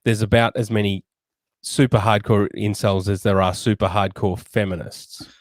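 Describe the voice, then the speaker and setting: A man's voice: lowish voice, flat delivery, normal speed, dry recording. A middle-aged man co-hosting a podcast in crude, profane casual chat, laughing often. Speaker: podcast co-host.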